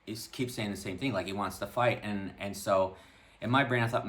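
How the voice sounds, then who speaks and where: A man telling a personal story to camera in a casual vlog, animated and full of "like" and restarts. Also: lowish voice, normal speed. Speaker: vlogger.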